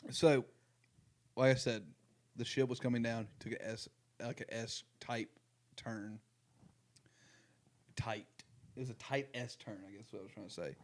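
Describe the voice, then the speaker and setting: Brief: young male podcast host of middle pitch, talking loosely and rambling through casual chat. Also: fairly even intonation, measured pace, pauses often. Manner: rambling, lots of fillers and restarts.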